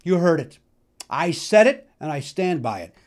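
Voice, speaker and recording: Man, middle-aged, comedian host, solo comic monologue, self-mocking, very lively pitch, fairly high voice. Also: normal speed. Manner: animated, self-mocking, jumps between loud bursts and mumbled asides.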